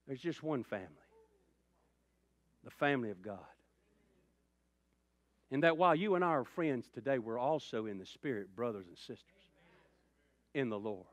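A man preaching a sermon as pastor, swinging from loud, raised passages to hushed, quiet ones. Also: mid-range voice, animated, moderate pace, long pauses, no echo. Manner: impassioned preaching, rising loud then dropping to hushed tones.

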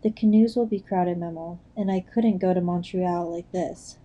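Brave serious teen girl, read by a woman, calm and reassuring, low mellow tone. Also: moderate pace, natural voice. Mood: solemn. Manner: solemn, reassuring. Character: brave teenage girl, steady and solemn.

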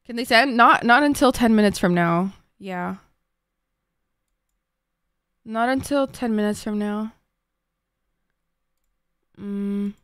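A woman's voice: mid-range voice, slow pace, pauses often, fairly bright tone, smooth, dry recording, studio quality. A woman streamer chatting to her viewers, flustered and swearing often. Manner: flustered, swearing, talks to chat. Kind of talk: casual live-stream chat.

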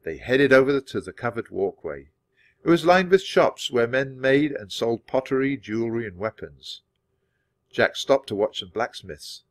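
A man reads a children's chapter book aloud, clear and steady, at a medium pitch. His intonation is lively and rises and falls across each sentence. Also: moderate pace, dry recording, clean studio sound. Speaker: storybook reader.

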